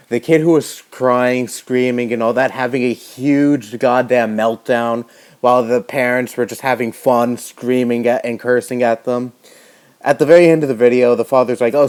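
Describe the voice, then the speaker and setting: A young man delivering an indignant rant to camera, swearing often and halting with fillers and restarts. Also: mid-range voice, darkish tone. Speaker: YouTuber. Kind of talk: angry rant vlog.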